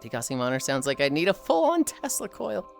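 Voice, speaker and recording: She's in her thirties, streaming live and casually chatting with her chat and friends, spinning animated stories and laughing often. Her voice is deep, fast, and creaky over soft background music.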